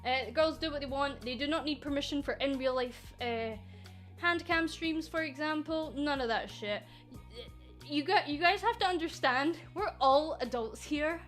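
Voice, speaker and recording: A woman's voice: high voice, moderate pace, a bit bright, soft background music. A woman from Scotland who runs a VTuber agency, talking casually and sarcastically to her viewers and swearing freely. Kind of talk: casual stream chat.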